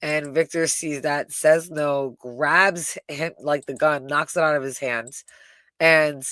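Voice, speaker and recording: A woman co-hosting a live review, retelling scenes in an animated, casual way with frequent swearing and "right?". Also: low-pitched, slow, dry recording, clean studio sound. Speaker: co-host reviewing a TV episode. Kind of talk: casual live recap chat.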